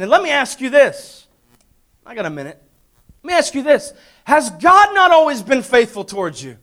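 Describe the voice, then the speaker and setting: High-voiced preaching man, loud then hushed. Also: sing-song, moderate pace. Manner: preaches with call-and-response to the congregation; swings from loud emphatic peaks to hushed asides. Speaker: pastor. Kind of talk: sermon. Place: church.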